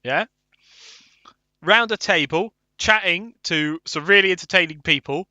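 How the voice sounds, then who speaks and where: A man co-hosting a podcast, bantering loudly and laughing often. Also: high voice, a little slow, no echo. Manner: loud, laughing, puts on posh voices. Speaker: podcast co-host. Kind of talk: casual banter.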